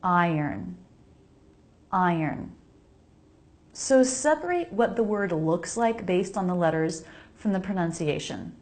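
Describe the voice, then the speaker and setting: An American woman gives a slow pronunciation lesson, modeling each sound carefully and repeating words for the listener to copy. Her mid-range voice is mellow, with lively intonation.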